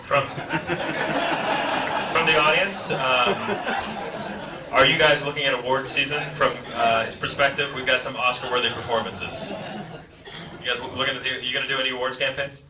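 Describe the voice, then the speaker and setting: A man's voice: medium pitch, fairly even intonation, normal speed, long pauses, background noise. A man moderating a live festival Q&A in a big cinema, upbeat and jokey as he works the crowd. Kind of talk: live onstage Q&A hosting. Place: large cinema hall at a live event. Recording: echoey hall, distant mic, loud audience.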